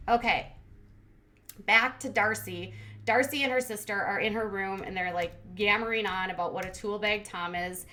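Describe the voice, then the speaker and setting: An adult woman hosting a commentary channel, recapping a reality show in a quick, sarcastic, casual way. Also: medium pitch, steady tone, pushed and bright, a little hiss or hum. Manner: fast-talking, sarcastic.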